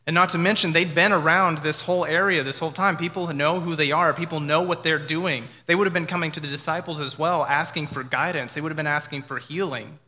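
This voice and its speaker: Bright-voiced man preaching in a hall. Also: on the high side, fairly even intonation, a little fast, few pauses. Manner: conversational, reflective, with imagined dialogue. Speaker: pastor. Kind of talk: sermon. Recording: reverberant hall.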